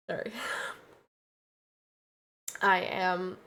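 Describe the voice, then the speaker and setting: Soft-spoken tired woman streamer. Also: fairly low pitch. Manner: soft, halting, full of fillers and restarts. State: tired and tearful. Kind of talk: casual chat.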